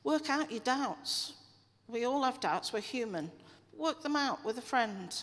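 A woman's voice: on the high side, expressive, a little slow, a bit bright. A woman giving a chatty, earnest church talk, then leading a prayer. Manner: chatty, earnest, encouraging with asides. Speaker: church speaker. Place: church hall. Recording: long echo of a church hall.

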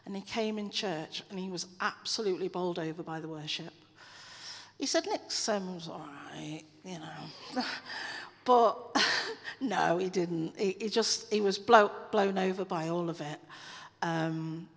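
A woman's voice: lowish voice, measured pace. A woman giving a chatty, earnest church talk, then leading a prayer. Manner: chatty, earnest, encouraging with asides. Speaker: church speaker. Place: church hall. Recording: long echo of a church hall.

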